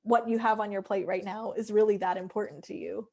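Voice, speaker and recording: A young woman, an interview guest, talking reflectively and at length with many fillers, losing her voice and clearing her throat. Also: mid-range voice, steady tone, brisk, a little mellow. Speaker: interview guest, animation director. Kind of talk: casual interview.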